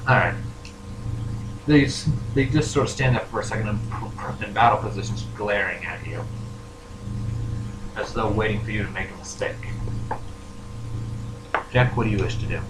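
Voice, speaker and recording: A man narrating as game master for a tabletop role-playing game, halting and full of fillers. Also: on the low side. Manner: halting, many fillers and restarts. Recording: noisy, echoey home recording.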